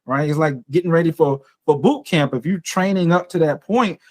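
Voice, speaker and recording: A man hosting a podcast, asking questions in a relaxed, casual way and often chuckling along. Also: fairly high pitch, a little fast, dry recording. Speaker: podcast host. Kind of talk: casual interview chat.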